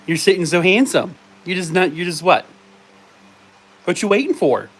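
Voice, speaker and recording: A man's voice: sits high, husky. A man live streaming from home, chatting casually and playfully scolding and baby-talking his dogs. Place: home in Arizona.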